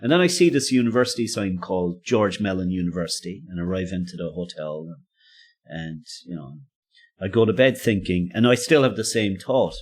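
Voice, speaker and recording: A man's voice: low voice, fairly quick, darkish tone. A man and podcast co-host, telling a personal story casually, rambling and self-interrupting with frequent laughs.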